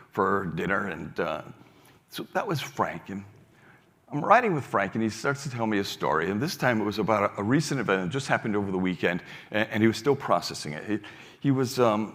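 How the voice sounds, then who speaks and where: An older man giving a keynote talk on stage, telling a story and acting out its dialogue in different voices, with frequent restarts. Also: lowish voice. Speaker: foundation leader giving a keynote. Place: large hall on stage. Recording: long hall reverb.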